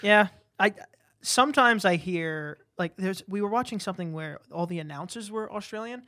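A young man co-hosting a podcast in casual chat, playful and quick to laugh and jump in. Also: sits high, lively intonation, pushed and bright. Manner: playful, laughs often, jumps in. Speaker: podcast co-host.

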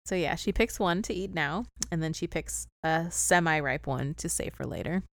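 A woman's voice: low-pitched, moderate pace, dry recording, studio quality. A young woman co-hosting a casual chat, retelling a film scene by scene with frequent giggles. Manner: giggly, animated storyteller. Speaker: podcast co-host.

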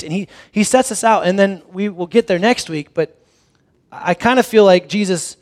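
A man with a fairly high voice delivers a sermon in a relaxed, talky way. He moves between reading scripture and animated asides, with a lot of back-and-forth energy in his delivery. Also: moderate pace. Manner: conversational, animated, acts out the disciples' reactions. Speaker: pastor.

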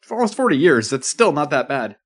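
A man co-hosting a casual movie podcast, animated and quick with film trivia. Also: on the high side. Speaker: podcast co-host. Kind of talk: casual movie-review chat.

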